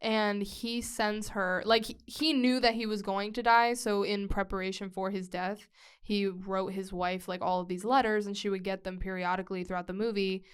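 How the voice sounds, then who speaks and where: A woman's voice: mid-range voice, flat delivery, moderate pace, smooth. A woman co-hosting a casual podcast chat, gushing about movies in a chatty way with many fillers. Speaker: podcast co-host.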